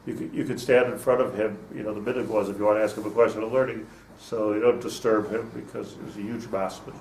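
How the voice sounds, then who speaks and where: Older rabbi telling stories to a small class, roomy sound, faint hiss behind. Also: male voice, lowish voice, steady tone, quick pace, creaky, a little mellow. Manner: conversational, digressive, anecdotal, mixes Hebrew and Yiddish terms. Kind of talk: informal Torah class. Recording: echoey room, distant mic, faint noise.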